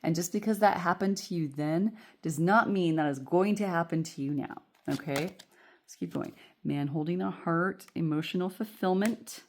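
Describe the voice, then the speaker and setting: A woman's voice: lowish voice, normal speed, few pauses, a little mellow. A woman giving a casual pick-a-card tarot reading at home, chatty and reassuring, often checking in with "okay?" and laughing as she talks, recorded on a phone. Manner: laughs often while talking. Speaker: tarot reader. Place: home room. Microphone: phone camera.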